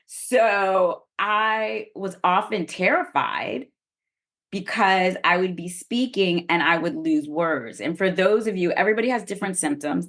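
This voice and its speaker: A middle-aged woman with a low voice talks through her own experience on a podcast. She explains things in an earnest, open way, as a guest expert sharing personal stories. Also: fairly bright tone. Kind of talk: podcast interview.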